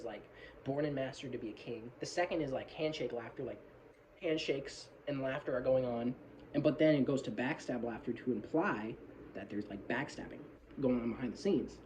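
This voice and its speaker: A man's voice: mid-range voice, a little mellow, slight background noise, low-quality recording. Rambling apologetic man on a phone video. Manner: rambling, apologetic, swears casually, hums riffs and sings snatches of lyrics. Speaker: metal fan analysing song lyrics. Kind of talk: casual rambling video commentary. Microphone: phone camera.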